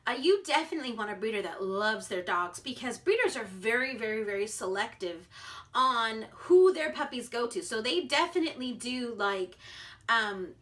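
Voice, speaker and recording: A woman's voice: on the high side, very animated, normal speed, a bit bright. An American woman vlogging in a bubbly, chatty way, full of filler words. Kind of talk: casual chat to camera.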